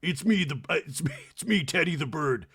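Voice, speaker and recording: A man voicing a blunt, gruff bird that scolds someone, speaking low. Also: expressive, brisk, a bit bright, heavily acted. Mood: scolding.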